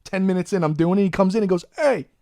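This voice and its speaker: A man, hosting a podcast and telling a profane, animated story in a casual way. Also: high voice, racing, dry recording, studio quality. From Long Island, New York. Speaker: podcast host.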